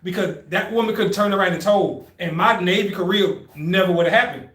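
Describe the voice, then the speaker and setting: A young man with a lively storytelling manner, chatting on a podcast. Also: high voice, a little fast, roomy sound. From Brooklyn, New York. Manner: animated storyteller acting out quotes. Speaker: podcast co-host. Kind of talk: casual storytelling chat.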